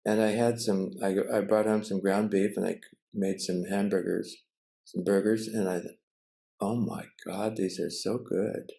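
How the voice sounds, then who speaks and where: An older man with a gravelly, mellow, low voice tells a story. He talks haltingly, with pauses and restarts, heard through a video call mic. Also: steady tone, rough recording. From United States. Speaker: Zen teacher and cook. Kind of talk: casual storytelling.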